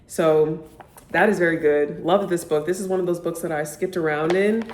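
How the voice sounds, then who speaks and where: A woman's voice: lowish voice, normal speed, a little mellow, a little hiss or hum. A young woman vlogger chatting casually about books she loves, gushing and peppering her talk with "like". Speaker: book vlogger. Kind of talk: casual chat to camera. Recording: echoey room.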